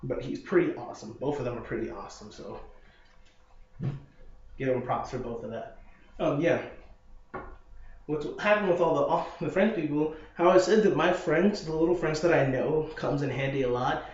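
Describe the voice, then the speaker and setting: A man's voice: on the high side, normal speed, long pauses. A young man telling a casual video diary, rambling through stories and acting out what people said, from an apartment living room. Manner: rambling storytelling, acting out quotes with laughs. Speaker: vlogger. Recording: echoey, muffled room recording.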